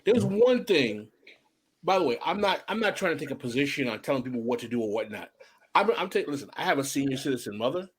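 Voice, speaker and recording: A man's voice: medium pitch, quick pace, slight background noise. A middle-aged man hosting a podcast, talking emphatically, telling stories, and repeating his points. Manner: emphatic and animated, repeats himself, tells stories. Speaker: podcast host. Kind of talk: casual podcast chat.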